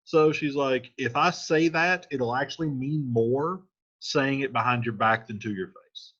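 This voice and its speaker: A man's voice: medium pitch, measured pace, fairly bright tone, breathy edge, highs cut off. Slangy man paraphrasing a play. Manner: reads old lines then paraphrases them in slangy modern speech. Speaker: teacher explaining a play. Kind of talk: casual line-by-line play explanation.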